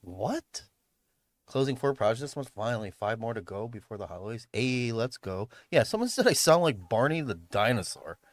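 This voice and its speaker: A man's voice: mid-range voice, very animated, a little fast, few pauses, no echo. A man chatting casually on a livestream from his room at home, rambling, swearing and laughing often. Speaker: livestreamer and event host. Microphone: streaming mic.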